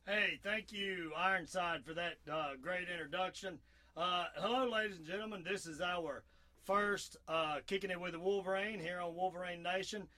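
Southern male talk-radio host, high bright voice, folksy, loose, filler-heavy. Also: steady tone, moderate pace. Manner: folksy, rambling, with many fillers and restarts. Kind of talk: casual radio talk show.

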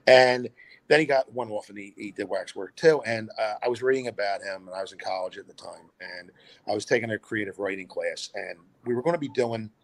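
A man's voice: fairly low pitch, fairly quick, no echo. A middle-aged man, a filmmaker guest, telling a long story in a casual interview, rambling with many fillers and restarts.

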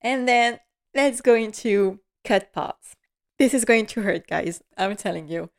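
Woman giving an emotional, animated recap. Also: medium pitch, a little slow. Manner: animated and emotional, with nervous laughter. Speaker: podcast host. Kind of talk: casual episode recap.

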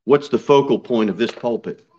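A man preaching a sermon in a church, reading scripture aloud and building to emphatic, loud, high peaks. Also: normal speed. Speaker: pastor. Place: church sanctuary. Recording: slightly dull church recording.

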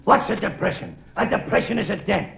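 A brash, gravelly vaudeville clown, pitched very high and rough at the edges. It is a 1940s radio comedy bit in an echoing studio, with a loud orchestra and a roaring live audience behind it. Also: male voice, animated, fairly quick, heavily acted. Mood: brash comic. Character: raspy Brooklyn vaudeville clown and whiny film villain impressions.

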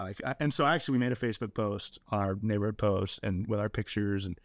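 A man's voice: lowish voice, quick pace, no echo. Earnest, emotional middle-aged man. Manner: earnest, emotional, often says "man" and "dude". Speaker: podcast guest. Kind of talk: candid podcast conversation.

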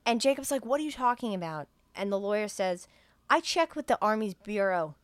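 A woman's voice: mid-range voice, expressive, fairly quick, no echo. Chatty woman recapping a movie. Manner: chatty, profane storytelling with quoted dialogue. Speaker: podcast host.

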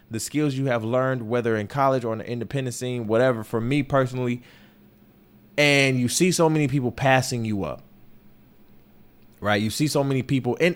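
A young man hosting a podcast, speaking candidly and emotionally in a personal monologue, swearing often and circling back on his words. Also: medium pitch. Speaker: podcast host. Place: New York.

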